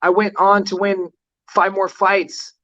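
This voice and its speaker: A man's voice: sits high, flat delivery, slow pace, pushed and bright, muffled recording. A man, a fighter guest on an interview, telling stories in a rambling way, full of "like" fillers. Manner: rambling, heavy use of "like" fillers. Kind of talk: casual storytelling interview.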